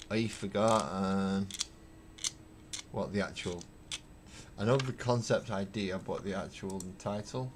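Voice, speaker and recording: A man hosting a casual livestream while painting miniatures, rambling wryly and thinking out loud as he answers viewer comments from his hobby room at home. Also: low-pitched, noisy background. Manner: rambling, wry, thinks aloud with fillers. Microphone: webcam.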